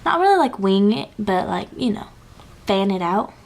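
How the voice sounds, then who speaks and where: A woman's voice: medium pitch, very animated, moderate pace, creaky. A young woman vlogger talking casually through her makeup routine, chatty and gushing, with lots of fillers. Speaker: beauty vlogger. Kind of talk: casual makeup tutorial chat.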